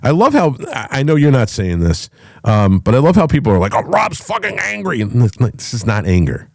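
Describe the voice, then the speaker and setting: A middle-aged man hosting a talk show, ranting with loud, profane, emphatic delivery and a voice that swings up and down. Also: fairly low pitch, sing-song, a little fast, no room sound, studio quality. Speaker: podcast host.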